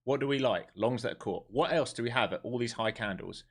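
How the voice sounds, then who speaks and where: His voice is husky and medium-pitched, moving a little fast, as he streams his day trading live. He speaks bluntly and swears without restraint, throwing questions at viewers only to answer them himself, all in a wound-up, emphatic way.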